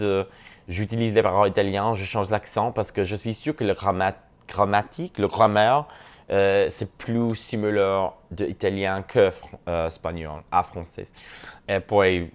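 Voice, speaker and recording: Comedian-host type, male, low-pitched, chatty, cheeky, cursing freely. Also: smooth. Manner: playful, chatty, swears freely; switches languages mid-thought. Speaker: comedian reacting to a video. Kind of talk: casual reaction commentary.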